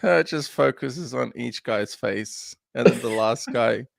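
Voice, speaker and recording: A man's voice: medium pitch, measured pace, creaky, no echo, studio quality. A man hosting a podcast, chatting casually about a film with lots of laughs and fillers. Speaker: podcast host.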